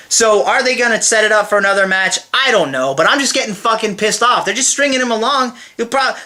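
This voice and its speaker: Man, high bright voice, angry swearing review rant, exasperated delivery. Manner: heated, swears constantly, exasperated. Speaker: wrestling event reviewer. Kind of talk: profane ranting review.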